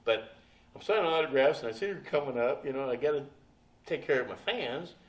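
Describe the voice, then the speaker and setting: A convention panelist in his sixties, medium-pitched, animated and brisk, entertains the audience with a profane, laugh-filled story, acting out each person in it. The recording is echoey and taken from a distance.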